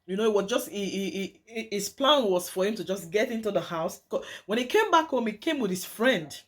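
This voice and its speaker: A woman's voice: mid-range voice, animated, fairly quick. A young woman telling a true story to her viewers, emphatic and dramatic, often repeating phrases and calling her audience "guys".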